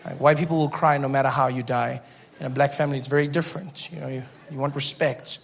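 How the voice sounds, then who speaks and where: A man's voice: mid-range voice, steady tone, fast, vocal fry. A young man doing stand-up comedy, telling stories animatedly and acting out voices.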